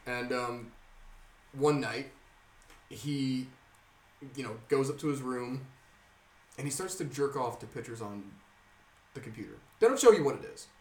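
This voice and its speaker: A man's voice: medium pitch, measured pace, long pauses, distant mic. A young man in loose podcast conversation, recorded from a little way off the mic in a roomy space. He tells a story with lots of swearing and laughter, and his voice sits in the middle range. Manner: animated storyteller, heavy swearing, laughs often. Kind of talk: casual chat.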